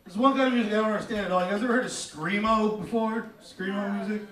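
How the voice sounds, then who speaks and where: A man doing a crude, animated stand-up comedy set, often slipping into mocking voices. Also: high voice, fast. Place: small theater stage. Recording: roomy, distant mic, loud crowd laughter.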